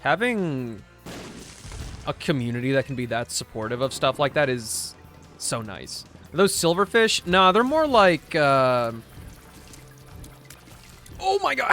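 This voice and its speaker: A man's voice: a little high, pushed and bright. A young man chatting casually on a gaming livestream, laid-back, reading chat aloud as he plays. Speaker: streamer.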